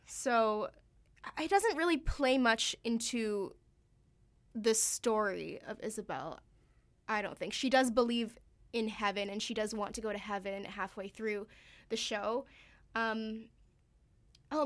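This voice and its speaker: A young adult woman, an actor, answering interview questions thoughtfully with fillers and trailing endings. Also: fairly high pitch. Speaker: actor discussing her stage role.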